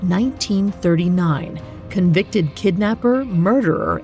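A woman hosting a podcast, telling a grim history in measured, scripted narration. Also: mid-range voice, warm tone. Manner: measured, grave storytelling. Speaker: podcast host.

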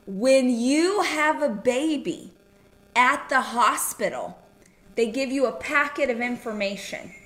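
A woman co-hosting a casual chat, telling a family story in an animated way with quick asides. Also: sits high, roomy sound. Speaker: podcast co-host.

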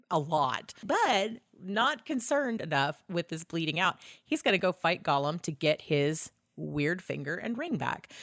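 A woman co-hosting a casual podcast, with a fairly low voice that swings widely in pitch. She laughs often, swears freely and jumps into quick put-on voices. The sound is dry and close. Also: fairly bright tone, no echo. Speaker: podcast co-host. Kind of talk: casual chat recapping a film.

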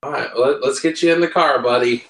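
A mid-pitched man with an easygoing, laid-back delivery, taking charge of the plans during a tabletop role-play. A faint hiss sits under his voice. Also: a little fast, a bit bright, low-quality recording.

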